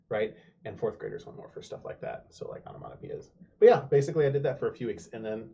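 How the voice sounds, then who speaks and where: A man chatting casually at a board game table, telling a rambling, animated story. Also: lowish voice, quick pace, vocal fry. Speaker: board game show regular. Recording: dull lo-fi stream audio.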